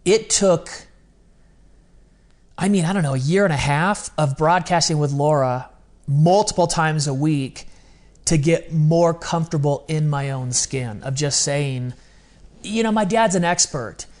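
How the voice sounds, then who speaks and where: A man's voice: fairly high pitch, measured pace, darkish tone. A man speaking as a podcast guest in a candid interview, telling stories in an earnest, open, confessional way and often quoting what he once said. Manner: quotes his own past words in dialogue.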